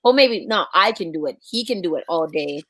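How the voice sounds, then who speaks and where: A woman's voice: on the low side, expressive, fairly quick, fairly bright tone, no room sound. A young adult woman co-hosting a casual live chat show, reading out a list and laughing often. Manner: laughing, reads lists aloud. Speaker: podcast co-host.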